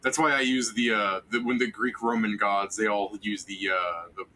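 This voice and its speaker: A man's voice: fairly low pitch, steady tone, moderate pace, bright, forceful tone, slight background noise. A man running a tabletop game, explaining things casually. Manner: laughing, explaining. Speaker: game master.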